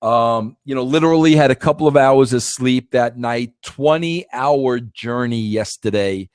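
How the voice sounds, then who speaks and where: A man's voice: mid-range voice, unhurried, smooth, no echo. A middle-aged man hosting a podcast, telling a long casual story with many restarts and emphatic repeats. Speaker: podcast host.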